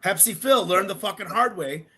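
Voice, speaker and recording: A man's voice: sits high, normal speed, sharp tone, breathy edge, poor audio. A middle-aged man, a guest on a podcast, chatting casually and telling profane stories while acting out the voices of the people he quotes. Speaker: podcast guest, pro wrestler and former wrestling coach.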